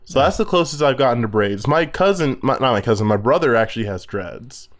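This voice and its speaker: A man's voice: medium pitch, expressive, a little fast. A man co-hosting a podcast, telling rambling stories full of fillers and laughing at his own jokes. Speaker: podcast co-host. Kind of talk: casual chat.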